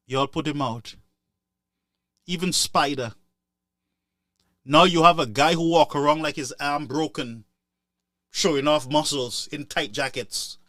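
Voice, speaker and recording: Scolding man, high bright voice. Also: a little slow, long pauses, no room sound, clean studio sound. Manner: scolding, repetitive, sarcastic. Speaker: political commentator. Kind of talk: impassioned political commentary.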